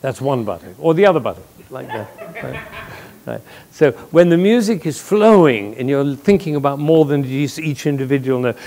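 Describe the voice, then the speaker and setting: An older man giving a lively, playful talk to an audience, telling stories and jokes as a speaker on music and leadership. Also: medium pitch, normal speed. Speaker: conductor and speaker.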